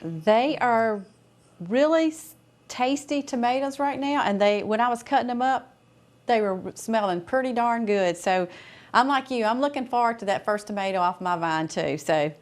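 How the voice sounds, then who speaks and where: A woman's voice: on the high side, animated, moderate pace. A woman with an American accent co-hosting a cooking show, chatting in a homey way as she serves and tastes a salad. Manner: chatty and homey, thinking aloud while serving. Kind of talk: casual cooking show chat.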